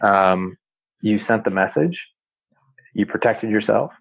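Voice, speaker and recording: A man's voice: on the low side, lively intonation, slow, gravelly, dry recording, dull audio. A middle-aged man, a podcast host, telling a personal story in a loose, chatty way with plenty of fillers. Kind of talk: casual storytelling.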